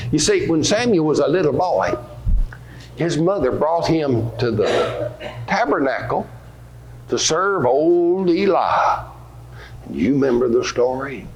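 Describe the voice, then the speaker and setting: A man leads a Bible lesson for children at a slow, deliberate pace, asking them questions and acting out the scripture scenes. His voice sits somewhat high and swings widely in pitch. He is recorded in an echoey church room with faint ambience in the background. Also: a little hiss or hum. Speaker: preacher teaching children. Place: church hall.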